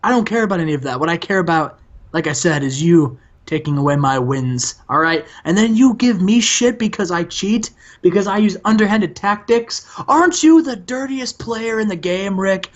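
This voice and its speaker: A man's voice: high voice, normal speed, muffled recording, voice pushed up, natural voice. A man voicing an arrogant, cheating male wrestler who taunts his boss in sneering trash talk. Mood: taunting.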